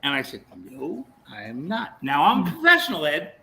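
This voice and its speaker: A man's voice: a little high, normal speed, vocal fry, low-quality recording. A man telling a story in casual chat, acting out what people said to him. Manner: animated storyteller, acts out quotes.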